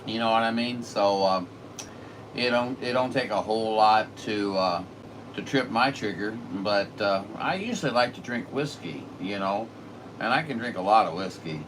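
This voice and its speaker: Low-voiced rambling man. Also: animated, normal speed. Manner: rambling, filler-heavy, folksy. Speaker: radio operator. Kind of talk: casual chat. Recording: distant mic with noisy room.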